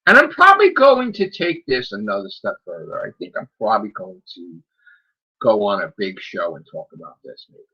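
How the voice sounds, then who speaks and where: Male podcast host, husky and bright-toned, defiant, sarcastic ranter, lively pitch, lo-fi mic. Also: normal speed. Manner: defiant, sarcastic, repetitive rhetorical questions. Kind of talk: solo rant on a gaming podcast.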